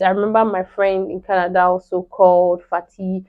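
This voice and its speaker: A woman's voice: lowish voice, little pitch movement, moderate pace. Young woman chatting away on her vlog, lots of "you know", kinda muffled lo-fi sound. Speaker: vlogger. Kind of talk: casual storytelling. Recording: slightly dull lo-fi sound.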